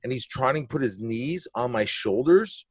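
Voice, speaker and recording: A man's voice: medium pitch, normal speed, breathy edge, no echo. Blunt, profane man telling a story. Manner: animated, blunt, profane storytelling with acted-out moments. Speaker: comedian guest. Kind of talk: casual storytelling.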